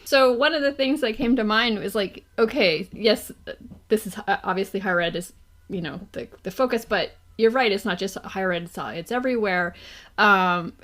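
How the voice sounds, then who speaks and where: A woman on a podcast who tells a chatty anecdote and drops to a soft voice at the ends of phrases. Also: mid-range voice, moderate pace. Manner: chatty, anecdotal, trails off softly. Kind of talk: podcast conversation.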